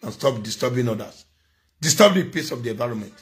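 A man's voice: medium pitch, animated, quick pace. A man with a Nigerian accent giving a ranting vlog commentary, scolding and preaching, repeating phrases for emphasis.

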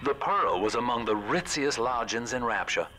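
An actor playing a gruff male game character who speaks over a radio in a folksy way. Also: medium pitch, animated, normal speed, natural voice. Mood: guiding. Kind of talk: game voice acting. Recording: distant game audio with noise.

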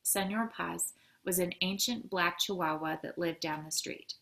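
A woman educator reading a children's novel aloud, expressive with occasional slips. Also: fairly low pitch, unhurried, gravelly.

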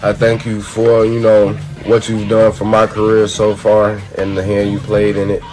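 A man who is a musician, giving a relaxed, grateful birthday message with many "you know"s. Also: lowish voice, moderate pace, faint music behind, rough recording.

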